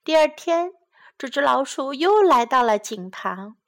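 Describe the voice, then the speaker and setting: A woman reading a children's storybook aloud and teaching from it, in a slow, gentle and expressive way. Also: high-pitched.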